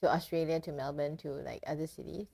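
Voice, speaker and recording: A woman comedian co-hosting a podcast with a slightly low voice. She jokes in a dry, teasing tone. Her delivery is casual and conversational. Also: fairly even intonation, quick pace, vocal fry, mellow, slightly rough. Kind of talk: casual chat.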